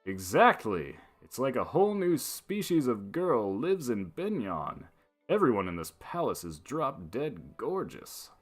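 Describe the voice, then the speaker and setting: A man's voice: medium pitch, big pitch swings, unhurried, faint music behind. A man voicing a flirty, easygoing knight in a game with a playful, teasing manner.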